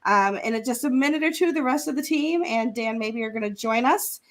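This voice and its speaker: A woman's voice: on the high side, lively intonation, brisk. A woman hosting a live online event, chatting casually and thanking sponsors, speaking from a remote video call. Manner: chatty, laughs often, sponsor thank-yous. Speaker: event host. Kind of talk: casual live-stream chat.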